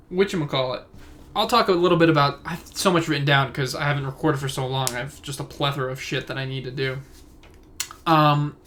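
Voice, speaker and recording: A man's voice: medium pitch, fairly bright tone, a little hiss or hum. A young man in his twenties hosting a casual solo podcast from his room at home, recorded on a phone, rambling and going off on tangents. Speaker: podcast host. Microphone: phone camera.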